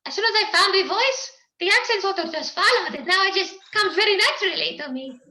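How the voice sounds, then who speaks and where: A man doing an impression of a tiny, timid male mouse lemur in a squeaky, sing-song voice. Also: expressive, brisk, bright, forceful tone, heavily acted. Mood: chirpy. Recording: dull, echoey recording.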